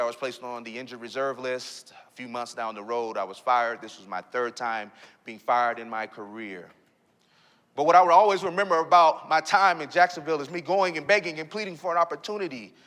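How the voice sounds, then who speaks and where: A man giving a motivational keynote, telling a personal story that swings between loud excitement and hushed reflection. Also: sits high. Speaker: keynote speaker. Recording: reverberant hall recording.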